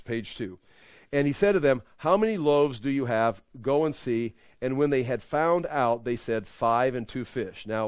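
A man's voice: medium pitch, dry recording. Man teaching Bible study, emphatic, conversational, dry close sound. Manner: conversational, emphatic, with self-corrections.

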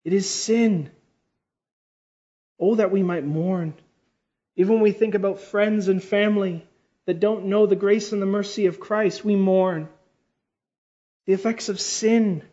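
A man preaching a sermon with fervor, swinging between loud, high exclamations and quiet, low passages and slowly drawing out key words. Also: steady tone. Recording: dull lo-fi sermon recording.

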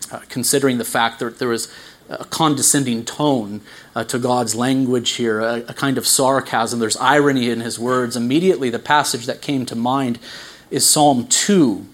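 In a mid-range voice, a man preaches a sermon explaining scripture with earnest emphasis. He swells on key lines and drops into quiet asides, with a few stammered restarts.

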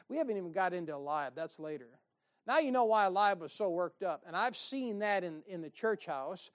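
A man's voice: high-pitched, expressive, fairly quick. A man preaching a sermon in a folksy, exhorting way, with asides and short laughs.

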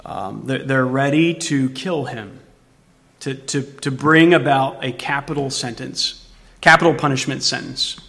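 A man preaching a sermon as pastor, asking the congregation rhetorical questions and moving between loud emphasis and hushed tones. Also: medium pitch, a little slow, gravelly, big-room sound.

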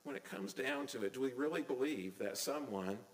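A man's voice: mid-range voice, normal speed, reverberant, low-quality recording. A middle-aged man preaching a sermon as a pastor, earnest and emphatic, with many rhetorical questions.

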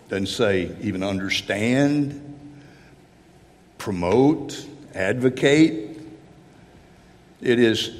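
Slow-preaching man in a reverberant hall. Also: on the low side. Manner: slow, halting with repeated words, rising emphasis on key phrases. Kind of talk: sermon. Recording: long reverb of a large hall.

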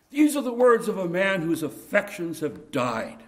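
A man's voice: high-pitched, big pitch swings, moderate pace, few pauses. A man preaching a sermon earnestly, building to impassioned emphasis at key points. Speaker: pastor.

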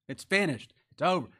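Man preaching a sermon, loud then hushed. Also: husky. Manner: animated preaching that swings between loud emphatic lines and low quiet asides; folksy plain-spoken grammar, reads scripture aloud.

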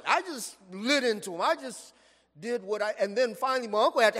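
High-voiced man preaching in a hall. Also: brisk. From Los Angeles, USA. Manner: animated storytelling preaching, stretched emphatic phrases. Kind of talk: sermon. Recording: long reverb from a large hall.

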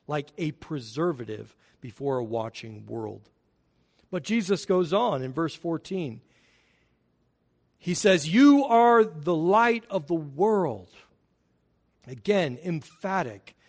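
A male pastor delivering a sermon in a somewhat high voice. He preaches with emphasis, putting questions to his listeners and moving between loud, pressing lines and quieter ones. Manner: emphatic preaching with wide swings in volume; rhetorical questions to the congregation.

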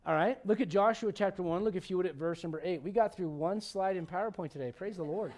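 A man with a high, light voice preaches in an animated, chatty way. He jumps between scripture and everyday asides, often restarting his sentences as he goes. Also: quick pace. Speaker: pastor. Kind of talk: sermon.

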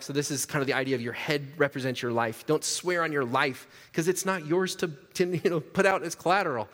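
Male pastor, casual sermon, joking asides, fairly high voice, long hall reverb. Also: fairly quick, hardly any pauses, a bit bright. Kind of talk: conversational sermon.

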